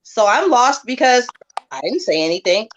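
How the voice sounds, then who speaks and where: Woman, podcast guest, relaxed storyteller, video call. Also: a little high, normal speed, slight background noise. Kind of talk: casual chat on a live video call.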